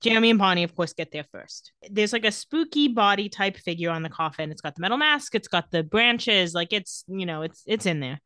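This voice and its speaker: A woman co-hosting a casual podcast, recounting a story with animated delivery. Her pitch swings widely, and the sound is dry and close with no room behind her. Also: fairly quick, few pauses, dry recording. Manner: animated storytelling, laughs often. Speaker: podcast co-host. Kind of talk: casual recap chat.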